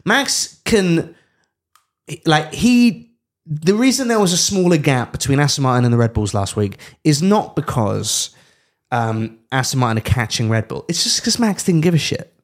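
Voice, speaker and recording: A man's voice: on the high side, lively intonation, moderate pace. A man co-hosting a casual comedy podcast, joking around and slipping into playful voices. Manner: jokey, does playful voices of drivers. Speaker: podcast co-host.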